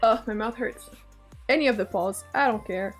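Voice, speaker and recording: With a voice on the high side and a normal speaking speed, a young adult live streamer chats casually from home, reading her chat aloud. She's playful and teasing and laughs a lot, speaking into a desk microphone over soft background music.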